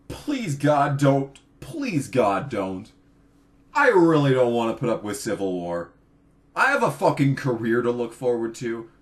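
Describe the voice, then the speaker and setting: Young man, twenties, profane exasperated vlog rant, animated pitch. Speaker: vlogger. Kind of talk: ranting political vlog.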